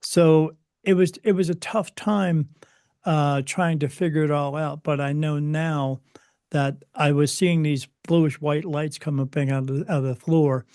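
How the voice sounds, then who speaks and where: Earnest, halting man telling his story. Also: a little high, fairly even intonation, a little mellow, no room sound, studio quality. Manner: earnest, halting, often repeats words. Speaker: interview guest. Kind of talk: personal storytelling.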